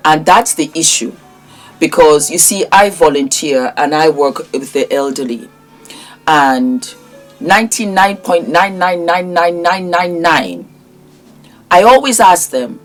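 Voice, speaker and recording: A middle-aged woman vlogger delivers impassioned, preachy social media commentary, scolding a man directly. Her low voice is expressive and unhurried, with soft music playing behind her.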